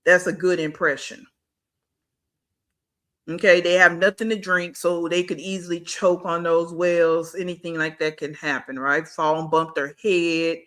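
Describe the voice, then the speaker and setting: Through a streaming setup mic, a reaction channel host gives casual, slang-filled commentary, scolding with one rhetorical question after another. The voice is medium-pitched and a bit bright, with little pitch movement and an unhurried pace.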